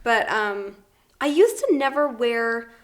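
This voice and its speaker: A woman's voice: a little high, expressive, slow pace. A young mother co-hosting a casual chat, giggly and encouraging. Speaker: co-host.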